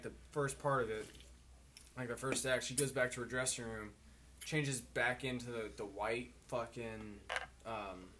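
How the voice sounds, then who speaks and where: A man's voice: mid-range voice, pushed and bright, slight background noise. A drunk young man telling a rambling, profane story in casual chat with friends.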